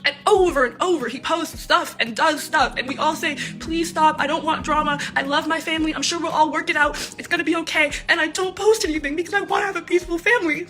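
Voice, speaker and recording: A twenty-year-old woman speaking out in an emotional, unscripted monologue, rambling and halting, with nervous laughs. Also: sits high, sharp tone, faint music behind. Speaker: daughter speaking out in a personal video.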